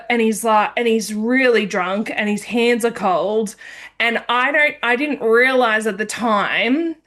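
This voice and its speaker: A woman hosting a podcast tells a personal story at an unhurried pace. Her voice sits a little high, and she talks in a candid, meandering way. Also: a bit bright. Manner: candid, meandering anecdote-telling. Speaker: podcast host.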